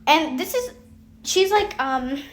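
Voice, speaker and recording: A young woman tells a childhood story in a loose, rambling way, with plenty of fillers and frequent laughter. Her voice sits high for a woman. There is a faint hiss in the background of the recording. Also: slow pace. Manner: rambling, animated, laughs often, lots of fillers. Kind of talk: casual storytime vlog.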